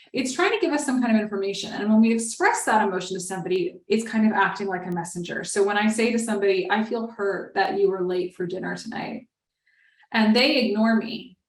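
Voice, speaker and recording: A woman's voice: mid-range voice, echoey room. A woman giving an explanatory webinar talk in a conversational way, acting out bits of example dialogue as she teaches. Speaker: webinar presenter.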